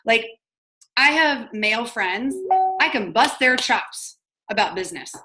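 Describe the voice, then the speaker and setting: A young woman giving a casual training talk to her network marketing team on a call, chatty and quick, acting out sample phone calls and filling her speech with "like". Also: on the high side, lively intonation, bright, forceful tone, faint music behind.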